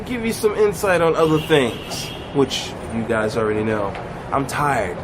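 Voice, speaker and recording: A man giving a blunt comic rant to camera, animated and emphatic, sitting in a car. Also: noisy background. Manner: animated, swooping pitch, drawn-out emphatic phrases. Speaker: vlogger.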